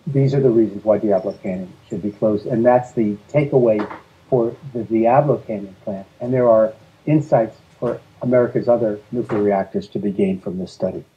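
A man's voice: lowish voice, normal speed, slight background noise. Methodical man on a muffled line. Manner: steady, methodical, lists points in sequence. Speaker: guest, energy policy advocate. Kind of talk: earnest interview answers.

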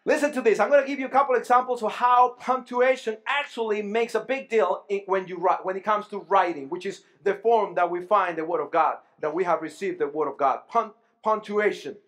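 A male pastor with a high-pitched voice, preaching a lively sermon in a church. He keeps checking in with the congregation and often repeats or restarts his words as he builds his point. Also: brisk, few pauses. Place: church sanctuary.

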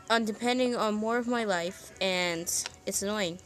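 A woman's voice: a little high, moderate pace, few pauses, slight background noise. A woman rambling in a moody, self-deprecating way in a casual vlog from her bedroom, half whispering at times, recorded on a phone. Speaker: vlogger. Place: bedroom at home.

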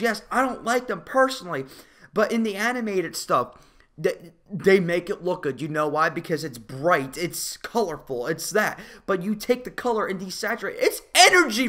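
A man's voice: sits high, expressive, moderate pace, fairly bright tone. A young man reviewing a movie in a casual, profane, exasperated rant.

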